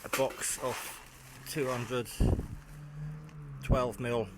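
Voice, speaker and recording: This hobbyist maker sounds tired and half asleep, drawing out his words in a level, mid-range voice. He chats and rambles with lots of fillers as he works on a casual home-build vlog, over faint background noise and clicks.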